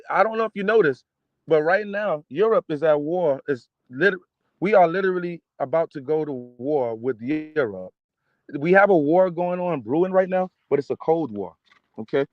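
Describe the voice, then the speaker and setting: A man's voice: fairly high pitch, no echo, highs cut off. Emphatic man ranting on a livestream. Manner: emphatic, repetitive, keeps asking "okay?". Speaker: streamer reading viewer comments. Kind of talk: casual livestream rant.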